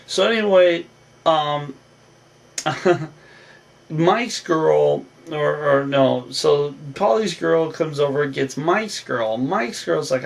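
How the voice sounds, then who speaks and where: A man's voice: on the high side, takes it slowly, creaky. A man vlogging a casual, rambling recap of a reality show episode, full of fillers and restarts. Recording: voice a bit distant from the mic.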